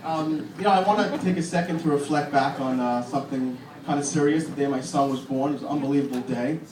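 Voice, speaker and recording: Fairly high-voiced male stand-up comic in his thirties, deadpan and crude, recorded from afar. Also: fast, a crowd in the background. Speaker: stand-up comedian. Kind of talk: stand-up comedy set. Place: comedy club. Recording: echoey club from far off. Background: audience laughter and room noise.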